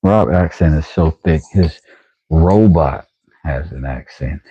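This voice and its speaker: A man's voice: a bass voice, slow, mellow, breathy edge, no room sound, muffled recording. A man vlogging from his shop in casual chat, joking and answering viewers by name.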